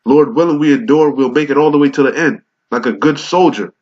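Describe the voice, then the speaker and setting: On a dull lo-fi recording, a man with a cold preaches on the street, reading old English scripture as part of a confrontational, cursing rebuke. He speaks briskly in a somewhat high, slightly mellow voice.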